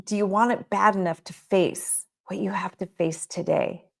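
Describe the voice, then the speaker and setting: A woman's voice: mid-range voice, steady tone, moderate pace, creaky. Emphatic woman giving a motivational talk. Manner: emphatic, repeats rhetorical questions. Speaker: child care business coach.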